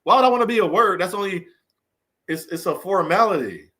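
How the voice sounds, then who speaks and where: A man's voice: sits high, expressive, a little fast, pushed and bright. A man speaking in an unscripted, heartfelt monologue, earnest and preachy, full of restarts, repeated phrases and emphatic rhetorical questions. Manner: emphatic rhetorical questions, swinging between raised and subdued delivery. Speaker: vlogger giving a motivational talk.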